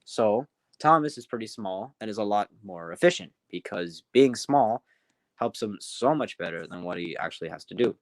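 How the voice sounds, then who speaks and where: A man's voice: lowish voice, animated, moderate pace, dry recording. A man casually telling a story on a livestream, rambling with many restarts. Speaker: storyteller, streamer.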